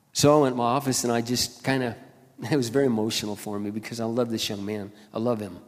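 A man preaching a sermon as a pastor, passionate, dropping to quiet asides and then rising to loud exclamations. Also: medium pitch, level tone, moderate pace, long pauses. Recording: long hall reverb.

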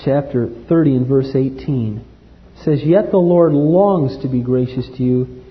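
A man preaching a sermon with passion, swinging from loud outbursts to hushed tones. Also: medium pitch, unhurried. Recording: dull, hall-like recording.

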